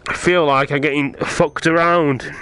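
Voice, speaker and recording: A man, playing a VR game and muttering frustrated, swear-filled commentary that breaks into yelling. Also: fairly high pitch, steady tone, measured pace, clear, resonant tone, faint music behind. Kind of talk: let's play commentary.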